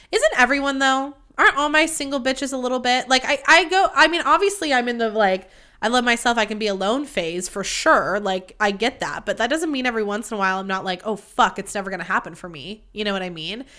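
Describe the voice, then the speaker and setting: A woman's voice: on the high side, brisk, pushed and bright, clear, resonant tone. A young woman hosting her own podcast, chatting candidly in a rambling, confessional way and swearing freely. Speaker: podcast host. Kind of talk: casual solo podcast chat.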